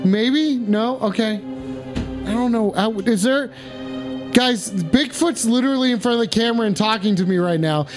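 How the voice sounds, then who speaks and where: A man giving profane, excited comedic commentary while high, yelling and rambling. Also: moderate pace, music in the background.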